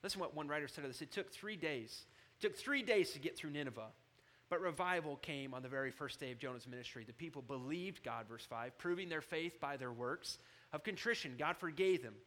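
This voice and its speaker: A man preaching a sermon, moving from low, quiet asides to loud, shouted emphasis. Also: expressive, fairly quick. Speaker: pastor.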